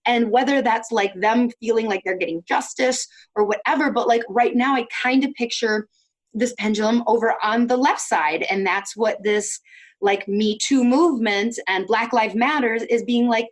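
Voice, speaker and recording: A woman hosting a podcast, talking in an animated, chatty way with lots of "like"s. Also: on the high side, normal speed. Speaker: podcast host. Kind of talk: casual conversation.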